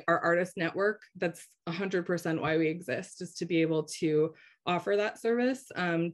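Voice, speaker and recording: A woman giving a slide-based webinar presentation in a conversational way, often checking in with the audience. She is losing her voice. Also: on the low side.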